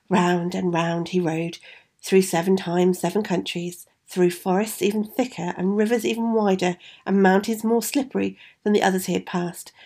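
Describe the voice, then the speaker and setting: A woman reads a fairy tale aloud at an even, expressive pace. Her voice has a gravelly edge and a husky grain. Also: medium pitch. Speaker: storyteller.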